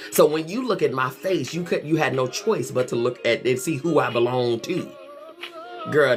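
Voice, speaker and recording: A middle-aged woman therapist hosting a live show, telling stories in a sassy, animated way and calling her viewers honey and child. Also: very deep voice. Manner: animated, sassy storytelling with frequent laughs; talks straight to viewers with endearments like honey and child. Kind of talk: casual livestream chat.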